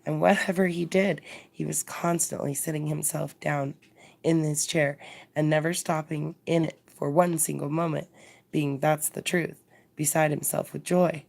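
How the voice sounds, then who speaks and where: A woman narrating a classic story aloud as a bedtime reading, measured and expressive. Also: sits low, creaky.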